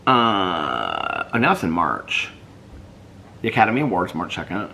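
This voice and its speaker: A man vlogs in casual, rambling chat, reading viewer comments and thinking aloud as he looks things up online. His deep, soothing voice is bright and forceful, with big pitch swings, a slightly slow pace and vocal fry, and there's a little hiss or hum in the recording.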